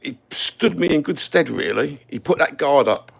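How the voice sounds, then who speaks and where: Man, gravelly, blunt, heated, sweary, to-camera rant. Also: fairly high pitch, expressive, moderate pace. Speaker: YouTube content creator. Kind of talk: ranting to-camera monologue. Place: standing somewhere, filming himself.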